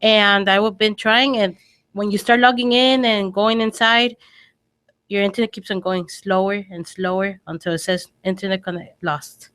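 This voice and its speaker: A woman's voice: mid-range voice, fairly even intonation, normal speed, a bit bright, clean tone, dry recording. A woman co-hosting a radio talk show, speaking earnestly and insistently in casual banter.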